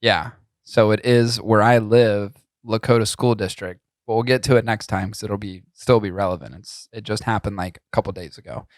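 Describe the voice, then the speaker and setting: A man's voice: on the low side, steady tone, normal speed, no room sound, clean studio sound. A man co-hosting a cigar podcast in loose, profane, jokey chat, coughing now and then. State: coughing, tickle in throat. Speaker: podcast co-host. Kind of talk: casual chat.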